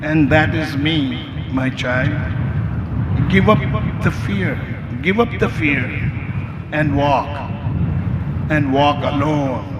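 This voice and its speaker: A man speaking as Mother Nature, a gentle all-loving female spirit, in a slow, solemn stage monologue over a noisy live recording. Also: a little high, echoey room. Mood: tender, solemn.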